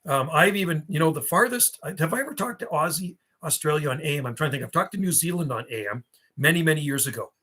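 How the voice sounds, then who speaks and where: A man's voice: a little high, expressive, quick pace, bright, forceful tone, breathy edge. A man, hosting a casual livestream and reminiscing as he answers chat. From Canada. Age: 50s. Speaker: livestream host and radio hobbyist.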